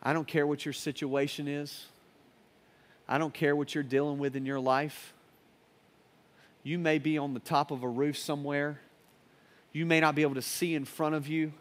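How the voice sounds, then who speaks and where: Fervent male preacher, swings loud to hushed. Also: fairly high pitch, level tone, normal speed, long pauses. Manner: storytelling, rising to loud urgent peaks then dropping to hushed. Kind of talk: sermon. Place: church service with live audience.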